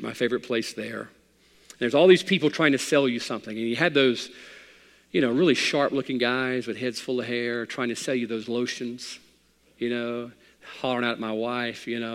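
A man's voice: mid-range voice, a bit bright. A man preaching an emphatic sermon as pastor, voice swelling in bursts of emphasis. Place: church sanctuary. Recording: long hall reverb.

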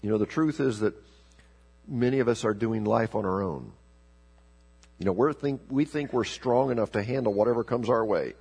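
A man preaching a sermon, telling a story with sharp emphatic rises and slowing to a low, deliberate voice for scripture. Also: gravelly, husky. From South America. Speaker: pastor.

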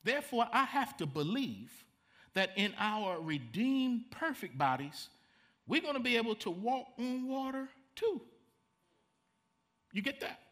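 A middle-aged male pastor preaching with a high, bright voice. He swings widely up and down in pitch as he reads verses and punches his points home. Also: unhurried. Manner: animated preaching, reads scripture and comments with dramatic emphasis. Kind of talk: sermon.

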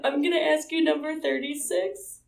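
A woman's voice: high voice, fairly even intonation, moderate pace, gravelly, roomy sound, distant mic, slight background noise. A young woman co-hosting a casual podcast, giggly and swearing freely as she tells stories. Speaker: podcast co-host.

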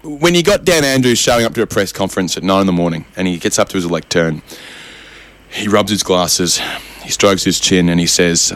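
A man's voice: sits low, faint music behind. A man co-hosting a comedy podcast, ranting animatedly and joking. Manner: animated, ranting, quick-witted. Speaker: podcast co-host. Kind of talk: comedic banter.

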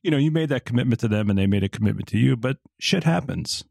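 A man's voice: medium pitch, lively intonation, quick pace, gravelly, darkish tone, slightly rough, dry recording, clean studio sound. A man from New Jersey co-hosting a podcast, asking long rambling questions in a casual conversational way. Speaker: podcast co-host. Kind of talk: conversational interview.

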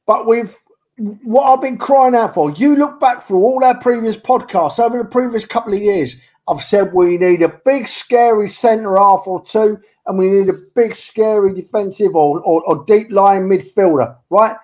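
A man's voice: high-pitched, moderate pace, a little mellow. A man co-hosting a fan podcast, passionate and emphatic, repeating his points. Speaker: podcast co-host. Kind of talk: casual podcast chat.

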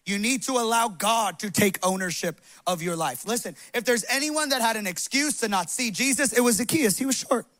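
A young adult male pastor preaching a loud, passionate, animated sermon to a congregation in a church hall. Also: high-pitched, a little fast, few pauses.

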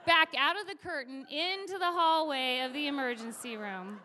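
Woman, high voice, young resident doctor, lively stage storytelling, long hall reverb. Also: moderate pace, slight background noise. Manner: animated, laughing often, acts out voices. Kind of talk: live storytelling to an audience.

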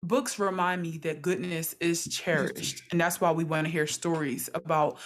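Slangy, reflective woman, lowish voice. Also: moderate pace. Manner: relaxed, reflective, slangy storytelling. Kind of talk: casual chat.

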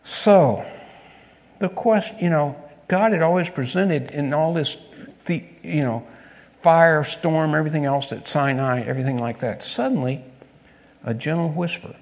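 A man's voice: fairly high pitch, measured pace. A man preaching a conversational sermon, telling a story and asking his listeners questions. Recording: long reverb of a large hall.

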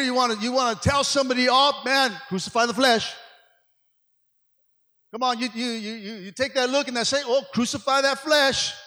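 A man's voice: very high-pitched, bright, forceful tone. A man preaching a sermon as pastor, with repeated "amen" and "come on" to his congregation. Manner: preachy call-and-response, frequent "amen" and "come on". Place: church sanctuary. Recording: long hall reverb.

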